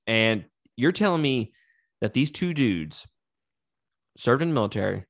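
Animated, profane man reviewing a movie. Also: medium pitch, unhurried, dry recording, clean studio sound. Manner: profane, animated, laughs often. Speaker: podcast co-host. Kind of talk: casual movie review chat.

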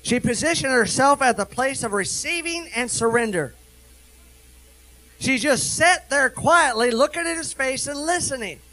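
A high-pitched man delivers a sermon as a minister, lively and animated. He rattles off quick asides, then slows right down to read scripture with weighty emphasis. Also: poor audio. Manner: animated preaching, swings between quick asides and slow emphatic scripture reading.

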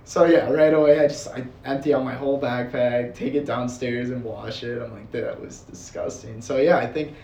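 A young man from Wisconsin telling a rambling, animated story as a podcast guest, with lots of fillers and laughter. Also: medium pitch, a little fast, hardly any pauses, dull audio. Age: young adult. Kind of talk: casual storytelling. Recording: roomy sound from off the mic.

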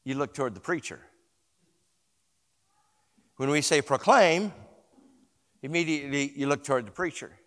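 A man with a fairly high voice preaching from a church stage. His sermon moves from quiet storytelling up to loud, emphatic exhortation, and he leads the congregation in repeating key words. The sound carries a long reverb. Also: moderate pace, long pauses. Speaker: pastor.

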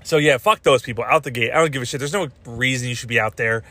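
A young man hosts a podcast, ranting in a loose, rambling way. He swears constantly and gets animated as he talks. His voice sits at an ordinary middle pitch. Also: quick pace, dry recording. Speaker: podcast host. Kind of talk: casual podcast rant.

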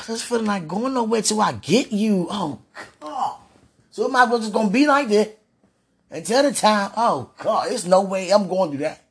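A woman's voice: mid-range voice, animated, normal speed, husky. A woman vlogging in a casual, rambling monologue, sighing and repeating herself as she pleads aloud to God.

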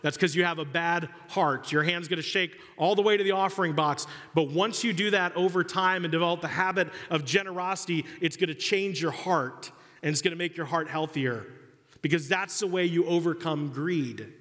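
A man's voice: on the high side, normal speed, a bit bright. A man preaching a sermon, acting out little dialogues in comic voices. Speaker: pastor. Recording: long hall reverb.

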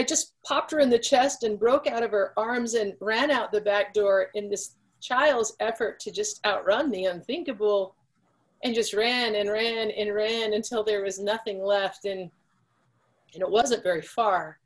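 A woman giving an earnest personal testimony, her voice sitting at an ordinary middle pitch. She tells her story with feeling and rushes ahead at the tense parts. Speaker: guest sharing her testimony.

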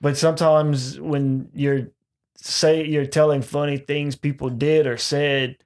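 A man's voice: on the high side, little pitch movement, a little mellow. A man, a guest comedian chatting casually on a podcast, rambling with many restarts. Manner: rambling, halting, full of restarts.

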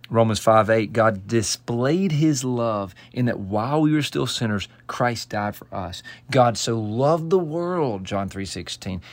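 A man's voice: lowish voice, animated, a little slow, few pauses, no room sound. A man giving devotional Bible teaching, earnest and emphatic, quoting scripture and often restarting phrases. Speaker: pastor.

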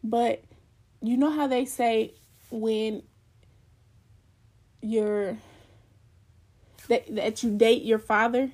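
A woman's voice: a little high, fairly even intonation, extremely slow, pauses often, darkish tone. A young woman telling a personal story in a candid, rambling way, full of fillers.

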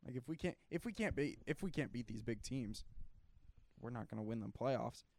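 A man in a casual sports debate who is losing his voice, animated, often clearing his throat and restarting his sentences. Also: medium pitch, moderate pace. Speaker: sports talk co-host.

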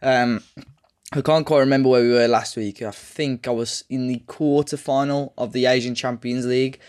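A man chats casually on a podcast about his game progress. He rambles through his story with plenty of ums and self-corrections, and his voice sits at an ordinary middle pitch. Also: steady tone, moderate pace, a little mellow, clear, resonant tone. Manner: rambling, chatty storytelling with fillers. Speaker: podcast co-host. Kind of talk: casual chat about a football management game save.

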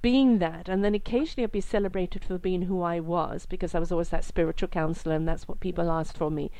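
A woman's voice: on the low side, steady tone, fast talker, warm tone, dry recording. A middle-aged woman, a spiritual counselor, speaking reflectively in casual conversation. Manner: reflective, thoughtful with frequent fillers.

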